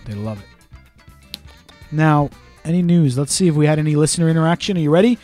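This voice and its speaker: A man's voice: a little high, expressive, quick pace, mellow, faint music behind. A young man co-hosting a podcast, bantering with a teasing, sarcastic edge and swearing freely. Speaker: podcast co-host. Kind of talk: casual banter.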